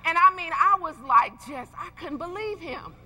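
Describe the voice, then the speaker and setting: A woman in her forties preaching a sermon as a lively, emphatic, folksy storyteller. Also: very high-pitched, normal speed, rough recording. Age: 40s. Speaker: preacher, pastor's wife.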